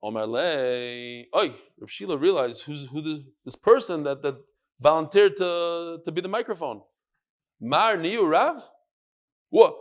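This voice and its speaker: Animated high-voiced rabbi teaching Talmud. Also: male voice, measured pace. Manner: animated storyteller, acts out quotes and talks to students. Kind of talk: live Talmud lesson. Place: study hall.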